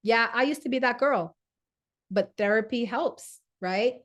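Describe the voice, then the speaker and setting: A woman's voice: fairly high pitch, unhurried, a bit bright. A woman hosting a live-stream wellness talk, chatty, answering viewer comments and often asking "right?". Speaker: host.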